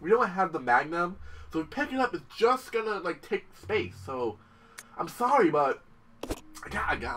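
A young man commentating his gameplay, excitable and profane, talking straight to the game and its characters. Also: fairly high pitch, moderate pace, far from the mic, faint music behind. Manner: excitable, swears a lot, talks to the game and its characters. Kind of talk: let's play commentary.

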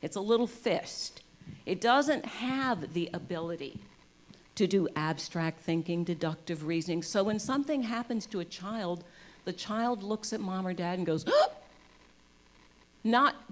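A woman speaking as a guest at a church service, giving an inspirational talk on love and spirituality with self-deprecating humor. She swings from soft and intimate to loud and emphatic and acts out the voices of people in her stories. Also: fairly low pitch, animated, measured pace. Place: in front of a live congregation.

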